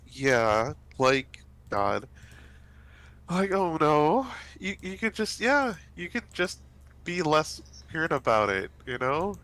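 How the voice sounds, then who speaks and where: Casting: stuffed-up guy, bright tone, rambly casual gaming chat. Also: a little high, big pitch swings, slow pace, rough recording. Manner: rambling, many fillers and restarts. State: stuffy, congested nose. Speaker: let's play host.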